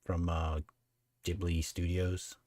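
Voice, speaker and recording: A man's voice: low voice, monotone, slow, darkish tone. A man co-hosting a live painting stream, making dry jokes and reading out chat messages. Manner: dry, wry remarks, thanks subscribers.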